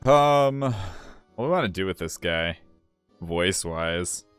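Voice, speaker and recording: A man's voice: low-pitched, expressive, a little slow, a bit bright, clear, resonant tone, faint music behind. A young man chatting casually and laughing while playing through a game. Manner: chatty, laughing, thinks aloud. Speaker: game streamer voicing characters.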